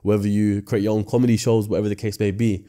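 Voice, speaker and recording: A man's voice: on the low side, flat delivery, fast, mellow. A man hosting a casual podcast chat, offering his opinions carefully and thinking aloud. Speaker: podcast host.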